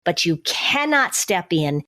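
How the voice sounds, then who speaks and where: A woman's voice: lowish voice, very animated, takes it slowly, pushed and bright. A woman hosting a podcast, giving parenting advice in a conversational, explanatory way and acting out what a parent might say. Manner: explanatory, acts out parent and child lines.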